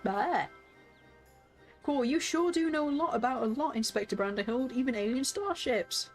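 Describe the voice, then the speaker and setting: A woman's voice: high-pitched, animated, moderate pace, faint music behind. A woman streaming a game, chatting playfully with viewers and reading character lines aloud with lots of laughter.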